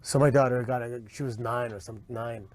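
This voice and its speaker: A man telling his side of a story in a casual interview, relaxed with small restarts. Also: mid-range voice, brisk. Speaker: interview guest.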